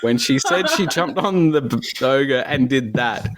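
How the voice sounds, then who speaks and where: A man's voice: medium pitch, expressive, unhurried, background noise. A man running a comedic tabletop game as game master, joking and laughing often.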